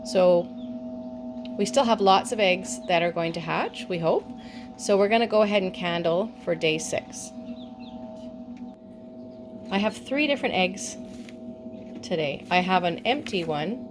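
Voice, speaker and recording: A woman's voice: fairly low pitch, unhurried, pauses often, over music. A woman vlogging from her farm, casually explaining animal care and coaxing her animals along. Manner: chatty, coaxing talk to animals. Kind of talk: casual instructional vlog.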